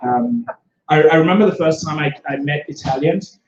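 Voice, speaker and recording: A man's voice: fairly high pitch, animated, normal speed, vocal fry, darkish tone. South African man doing rambling stand-up. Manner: rambling, self-deprecating, many restarts. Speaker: stand-up comedian. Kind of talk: stand-up comedy set. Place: open-mic stage in a bar room. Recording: echoey room, dull lo-fi sound.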